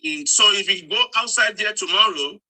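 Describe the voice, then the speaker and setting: A man's voice: high-pitched, moderate pace, pushed and bright. A man hosting an online live room, making a firm statement that distances the group from a claim. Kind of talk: moderating statement.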